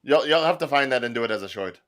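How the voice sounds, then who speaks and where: A man's voice: mid-range voice, lively intonation, fast talker, fairly bright tone. A man on a podcast panel, talking in a rambling, earnest way with touches of mock indignation. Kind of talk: casual comedic chat.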